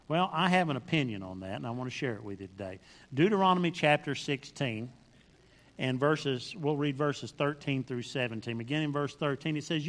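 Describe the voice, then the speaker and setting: A man's voice: fairly high pitch, animated, brisk, long reverb tail. A man preaching a sermon, reading scripture aloud and pressing his points with emphatic repetition and questions to the congregation.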